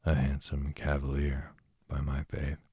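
A man voicing a lively, teasing young woman friend, read in his own slow, soft and even way. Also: very deep voice, breathy edge, dry recording, studio quality, full character voice.

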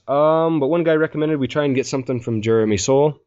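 A man's voice: on the high side, sing-song, brisk, hardly any pauses, a little mellow, no room sound. A man hosting a casual podcast, rambling and laughing as he reads listener mail. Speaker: podcast host. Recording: dull lo-fi podcast mic.

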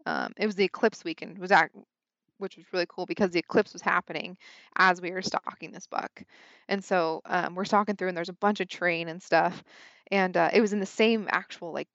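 A young woman telling a story in a casual, animated way, peppered with "like" and acting out her own thoughts. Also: fairly low pitch, brisk, gravelly, no echo, lo-fi sound. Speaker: podcast guest, hunter.

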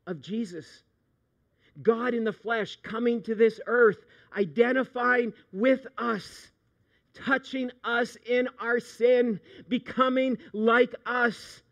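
A middle-aged man, a pastor preaching a sermon, animated, moving from hushed storytelling to loud outbursts. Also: sits high, measured pace, muffled recording.

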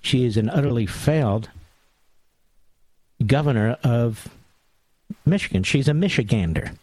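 A man's voice: mid-range voice, animated, unhurried, darkish tone, dry recording. A man hosting a talk radio monologue, sarcastic and mocking, with big theatrical swings in tone.

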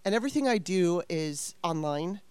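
A woman's voice: on the low side, animated, normal speed, darkish tone, clean tone, no room sound. Profane, rambling woman in her fifties. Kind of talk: casual storytelling.

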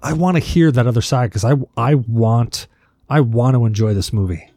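A man's voice: mid-range voice, animated, normal speed, dark tone, dry recording, clean studio sound. A man co-hosting a podcast, earnestly ranting about a disappointing movie in casual chat over a call. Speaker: podcast co-host. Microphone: remote call mic.

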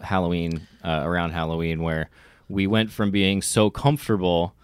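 Male podcast co-host, low voice, laid-back and wry, dry close mic. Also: flat delivery, normal speed, clean tone, no room sound. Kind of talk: casual podcast chat.

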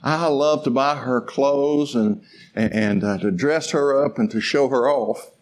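A male pastor preaching a sermon in a folksy, conversational way, stumbling into restarts and swinging from soft, slow musing to loud, fervent exhortation. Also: medium pitch, slight background noise.

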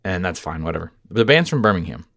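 A man hosting a podcast, telling a rambling, profane story with sudden loud outbursts. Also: low voice, very animated, fast talker, creaky, no echo, studio quality. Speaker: podcast host. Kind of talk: casual storytelling chat.

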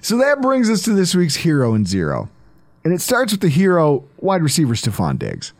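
A man's voice: on the high side, wildly swooping pitch, normal speed. A man hosting a casual sports podcast, joking, riffing and laughing as he talks. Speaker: podcast host.

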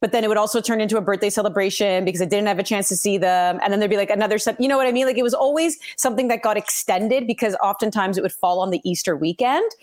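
A woman's voice: mid-range voice, racing, hardly any pauses. A woman from Canada, a sportscaster, chatting casually as a podcast guest and acting out quotes as she tells stories. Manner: chatty, animated storyteller, acts out quotes.

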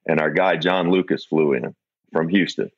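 Deep-voiced man, dull dry audio. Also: normal speed, no room sound. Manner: candid, reflective. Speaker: guest. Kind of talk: candid personal storytelling.

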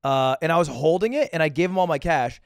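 A man's voice: a little high, fast talker, vocal fry, clear, resonant tone, no room sound, clean studio sound. A man co-hosting a podcast, joking and telling his side of a story in a casual chat. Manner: lively, joking, laughs between lines. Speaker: podcast co-host.

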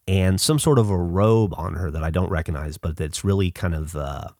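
A middle-aged man from the Southern United States hosting a podcast, telling a personal story in a halting, casual way with lots of fillers, restarts and swearing. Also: low-pitched, darkish tone, no echo, clean studio sound. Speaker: podcast host.

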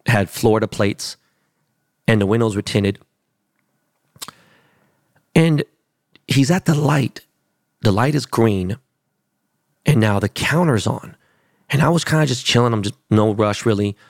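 Socal guy in his 30s, deep gravelly voice, swearing and getting heated telling a story, dry sound. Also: dry recording. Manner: profane, animated storytelling with rising outbursts. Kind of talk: casual storytelling.

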